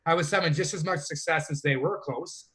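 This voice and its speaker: A man's voice: a little high, brisk, fairly bright tone, husky. A man from Canada, a fantasy sports player, telling long rambling stories as a guest in a casual interview. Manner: rambling, self-correcting storyteller.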